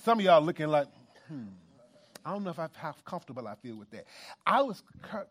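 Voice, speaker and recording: Male pastor, high voice, animated church sermon with congregation asides. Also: fairly quick. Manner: animated, emphatic preaching with repetitions and asides to the congregation.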